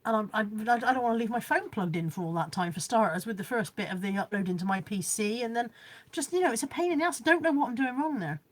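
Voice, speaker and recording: A woman's voice: on the high side, fast. Chatty woman rambling on a home live stream. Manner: rambling, chatty, self-deprecating about technology. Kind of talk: casual live-stream chat reading viewer comments.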